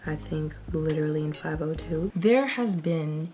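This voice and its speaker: A young woman chats through her reaction to a TV episode in a loose, expressive way, her voice sitting a little low for a woman. She laughs and sighs freely between thoughts. Faint music plays softly underneath. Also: normal speed, hardly any pauses. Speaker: TV reaction vlogger. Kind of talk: casual reaction commentary.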